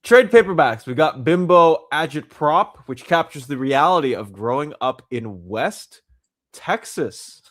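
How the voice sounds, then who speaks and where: A man hosting a podcast in casual chat, reading out comic titles and prices with frequent filler pauses. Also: fairly high pitch, lively intonation, fairly bright tone, no room sound, studio quality. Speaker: podcast host.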